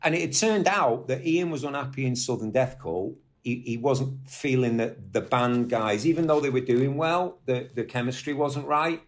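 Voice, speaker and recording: A man from northwest England telling rambling, animated stories as a guest on an interview podcast, swearing now and then. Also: medium pitch, normal speed, hardly any pauses. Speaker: guest musician. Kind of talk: casual storytelling interview.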